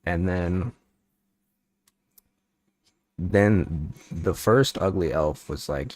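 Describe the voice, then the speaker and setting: A man's voice: sits low, extremely slow, long pauses, dry recording. A man streaming as a VTuber, chatting playfully with viewers and making up a rambling silly story. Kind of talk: casual livestream chat and improvised bedtime story.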